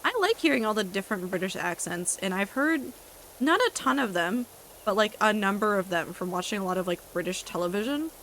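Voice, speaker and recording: A woman streamer in easy casual chat with her viewers, wry and talkative, answering chat questions as they come. Her pitch sits in an ordinary middle range, and a faint hiss of noise lies under her desk mic. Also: lively intonation, a little fast, a bit bright, low-quality recording. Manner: chatty, wry, reacting to chat with asides and profanity.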